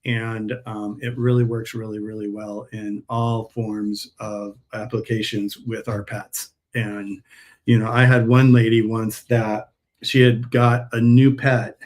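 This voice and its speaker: A man's voice: on the low side, level tone, takes it slowly, darkish tone. A man hosting a live stream and chatting with viewers, telling long stories in a rambling way with frequent restarts. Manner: rambling storyteller, many restarts. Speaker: host, pet supplement seller.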